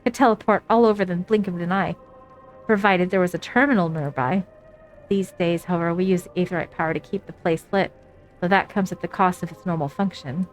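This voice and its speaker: A woman doing a stern caretaker who talks quickly and warns plainly, game read-through. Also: fairly low pitch, faint music behind, close to an everyday voice. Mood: explaining.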